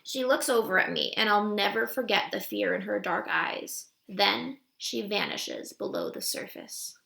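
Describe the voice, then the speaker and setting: A woman reading a first-person children's novel aloud in an expressive, wry narration, recorded with a roomy echo. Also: medium pitch, unhurried, creaky. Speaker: audiobook reader.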